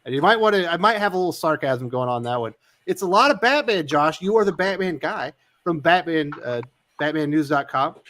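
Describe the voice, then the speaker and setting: Guy hosting a live comics chat stream, kinda high voice, keeps things moving. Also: expressive, a bit bright. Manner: brisk, moves the panel along, asks questions. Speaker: podcast host. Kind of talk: casual live panel chat.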